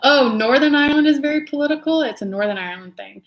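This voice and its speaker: Young cali woman just chatting on her livestream, kinda high voice, rambly and giggly. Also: expressive, fast talker, few pauses. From California. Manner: chatty, rambling, laughs often. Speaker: livestream host, tarot reader. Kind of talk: casual livestream chat.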